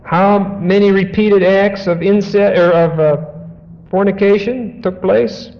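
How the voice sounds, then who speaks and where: A man's voice: sits high, steady tone, measured pace. A man preaching a sermon, reading scripture aloud and breaking in with emphatic asides, his voice rising sharply on key points. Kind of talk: sermon, expository Bible teaching. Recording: dull lo-fi audio in a large echoing hall.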